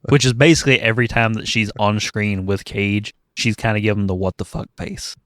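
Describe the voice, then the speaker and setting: A man co-hosting a podcast, recapping a film's plot in a measured, deliberate way, with some swearing. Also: lowish voice, fairly bright tone, clear, resonant tone, no room sound, clean studio sound. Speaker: podcast co-host. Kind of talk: casual chat, recapping a film.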